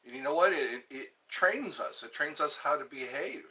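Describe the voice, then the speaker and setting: A man hosting a casual livestream, chatting slowly and rambling while greeting viewers and answering comments as he eats. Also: fairly high pitch, lively intonation, bright, forceful tone. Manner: slow, rambling, chatty, restarts words, eating while talking. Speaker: livestream host. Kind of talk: casual live chat reading comments.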